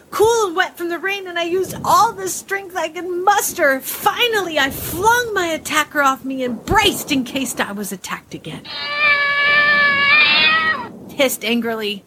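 A woman's voice: high voice, slight background noise. Woman reading a spooky story aloud. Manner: expressive, acts out suspense and fright. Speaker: reader of a listener story.

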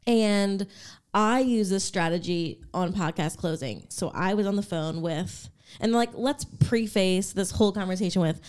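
Woman cohost chatting on a podcast, mid pitch, dry little jokes. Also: measured pace, darkish tone, clean tone. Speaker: podcast co-host. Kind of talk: casual chat.

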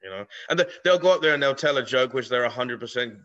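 Male guest comic from England, bright forceful voice, blunt and profane, muffled lo-fi recording. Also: medium pitch, animated, fast. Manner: blunt, swearing, laughs often. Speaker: guest comedian. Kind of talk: casual podcast chat.

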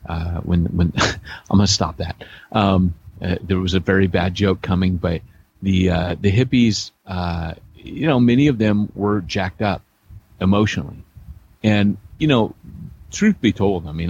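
A middle-aged man co-hosting a casual podcast, his voice low and husky. He tells rambling, self-deprecating stories full of restarts and asides. The audio is dull and lo-fi. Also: measured pace. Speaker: podcast co-host, church planter.

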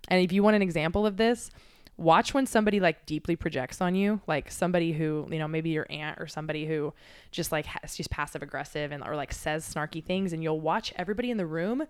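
A woman's voice: low-pitched, quick pace, clear, resonant tone. A woman in casual chat as a podcast guest, speaking candidly and reflectively, swearing freely and using lots of filler words.

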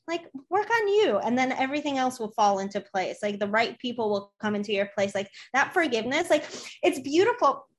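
A woman's voice: on the high side, big pitch swings, brisk. A young woman guest on a podcast, talking earnestly in casual conversation and often repeating herself.

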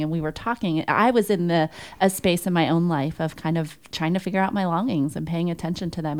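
A woman's voice: low voice, clear, resonant tone. A woman hosting an interview, affirming her guest and recounting a story in a conversational way. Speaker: interview host.

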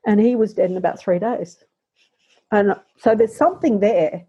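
A middle-aged woman telling a personal story in conversation as a guest, halting and reflective, with frequent pauses and restarts. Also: mid-range voice, mellow, slightly rough, muffled recording.

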